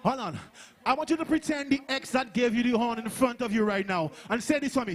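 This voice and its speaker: A man performing soca live on stage, singing and shouting call-and-response lines to hype the crowd. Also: very high-pitched, racing. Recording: live concert over loud music. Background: loud soca band and crowd.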